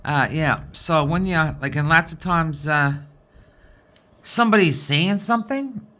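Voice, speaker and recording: A woman's voice: low-pitched, lively intonation, a little slow, sharp tone. Chatty Newfoundland woman rambling over crafts. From Newfoundland, Canada. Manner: chatty and folksy, tags sentences with "boy". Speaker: diamond painting vlogger. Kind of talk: casual rambling chat while sorting craft supplies.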